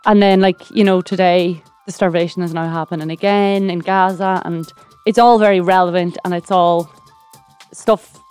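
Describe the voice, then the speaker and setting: A woman's voice: fairly low pitch, fairly even intonation, normal speed, darkish tone, smooth, faint music behind. A woman, a stage actor, talking casually in an interview with many ums. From Ireland. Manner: chatty, laughs easily, many ums.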